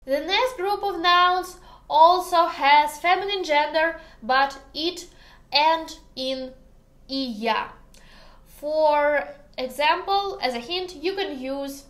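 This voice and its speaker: A woman with a Russian accent teaches a beginner lesson, saying each word slowly and repeating it. Her voice sits high, and she breaks the drills with light, playful remarks. The room gives her voice a noticeable echo. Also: a bit bright. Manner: slow, careful pronunciation drills with playful asides.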